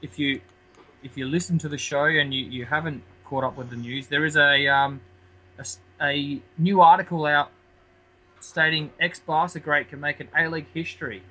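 A man's voice: on the high side, steady tone, normal speed, bright, forceful tone, low-quality recording. An Australian man co-hosting a casual sports chat podcast, arguing his point with hesitant restarts. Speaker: podcast co-host.

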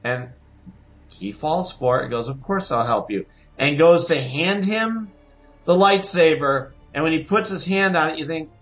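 A man co-hosting a podcast in casual chat, animated and acting out quotes in different voices. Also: fairly high pitch, measured pace, lo-fi sound, soft background music. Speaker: podcast co-host.

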